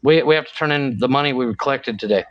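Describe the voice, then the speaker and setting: A man's voice: medium pitch, quick pace, muffled recording. A man co-hosting a podcast in casual chat, rambling and searching for words. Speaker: podcast co-host.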